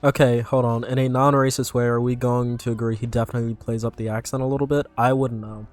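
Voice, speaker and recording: A young man from North Carolina hosting casual reaction commentary, rambling and self-correcting with sudden loud outbursts. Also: medium pitch, little pitch movement, fast talker. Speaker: YouTube reaction host.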